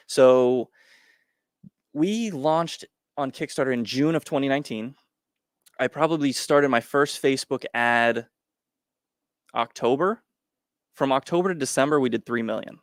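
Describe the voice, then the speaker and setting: Male entrepreneur guest, mid-pitch, plain and matter-of-fact, dry studio sound. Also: normal speed, long pauses, no echo. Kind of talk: interview answers.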